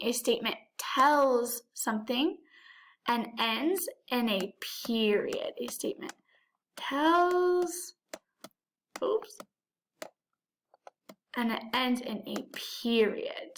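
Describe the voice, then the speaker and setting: A woman's voice: sits high, a bit bright. A woman teacher giving a remote lesson to young children, talking directly to them in an encouraging, sing-song way.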